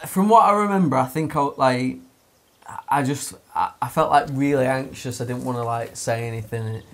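A man's voice: medium pitch, normal speed, a bit bright. A young man telling a long story in casual podcast chat, swearing often, laughing and using lots of fillers.

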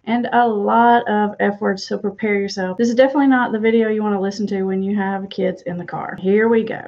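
A woman coach talks through an argument clip in a calm, explanatory, direct way. Her voice sits at an ordinary middle pitch. The audio is slightly dull and lo-fi. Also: brisk, creaky. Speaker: relationship coach. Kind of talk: commentary analyzing an audio clip.

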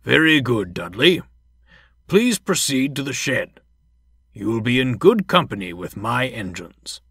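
A man voicing a brisk, authoritative male railway boss in a crisp, formal way, pitched above his own voice. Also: very animated, fairly bright tone, dry recording, clean studio sound, full character voice.

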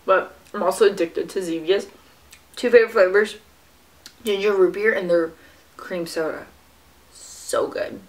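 A young woman with a mid-range voice chats casually to camera while she eats, in a mukbang-style video from a fitness vlogger. She speaks at a moderate pace, pauses often, and fills the gaps with frequent fillers and little "mm" sounds.

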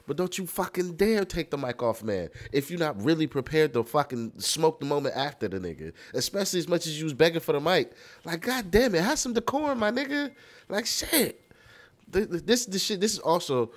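A man from the United States hosting a reaction video, talking bluntly and with heavy profanity. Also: medium pitch. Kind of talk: casual reaction commentary.

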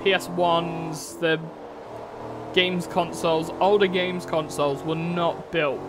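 A rambling man with a fairly high voice chats casually to his viewers while he plays, cursing now and then. Loud racing car engine noise runs behind him the whole time. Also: flat delivery, slow pace. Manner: rambling, chatty, swears casually. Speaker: streamer. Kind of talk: casual live-stream chat while racing. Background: racing game engine noise.

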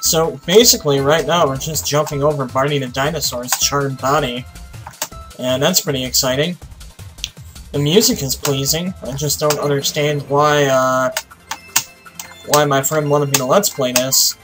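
A tired young man giving casual, profane commentary while playing a game, with sudden excited outbursts. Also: medium pitch, normal speed, music in the background, low-quality recording. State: tired, sleepy voice. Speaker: let's play host.

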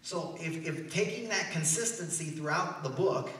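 A man with a Midwestern American accent, a pastor preaching an animated sermon that swings between loud declarations and soft asides. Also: fairly high pitch, normal speed, distant mic. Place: large church hall. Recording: echoey church hall, heard from afar.

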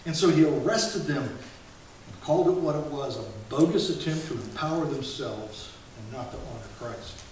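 A man's voice: mid-range voice, lively intonation, moderate pace, a little mellow. A male pastor preaching an earnest expository sermon, with occasional self-corrections, recorded in a church. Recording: echoey sanctuary from far off, hiss.

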